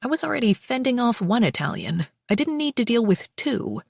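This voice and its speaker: A woman narrating a first-person romance audiobook in an expressive, wry way on a close mic. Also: fairly high pitch, a little fast, gravelly, no echo.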